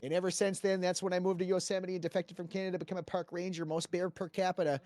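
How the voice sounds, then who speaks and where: Guy ranting in character during an rp stream, kinda high voice, swears a lot, goes quiet then loud, dry close sound. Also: level tone, quick pace, dry recording. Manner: dramatic, profane storytelling swinging between hushed and loud. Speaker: role-play streamer. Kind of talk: in-character role-play monologue.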